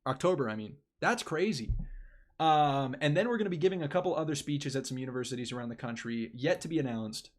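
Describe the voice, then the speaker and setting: A man's voice: medium pitch, lively intonation, fast talker. A young man hosting a casual live stream, rambling and restarting his phrases as he talks to his chat.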